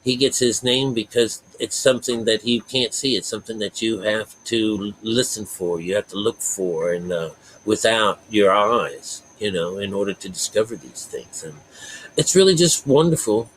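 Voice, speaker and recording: A man's voice: fairly low pitch, moderate pace, a little hiss or hum, poor audio. A man giving a rambling, folksy spiritual talk to his viewers, full of fillers and asides. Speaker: spiritual vlogger.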